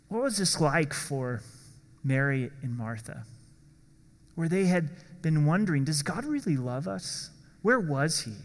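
Male pastor, earnest sermon delivery, a touch high-pitched, echoing church hall. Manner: earnest, slows down for emphasis.

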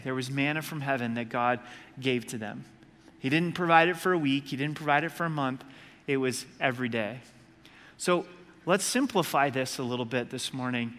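A man preaching a sermon with a bright, forceful tone and a slightly high voice. He speaks to his congregation in a conversational way, full of rhetorical questions. His voice rings through a hall with a long echo. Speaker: pastor.

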